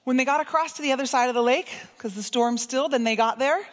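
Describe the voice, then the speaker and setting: Woman preacher, sermon, high voice, expressive, soft to emphatic, long hall reverb. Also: quick pace.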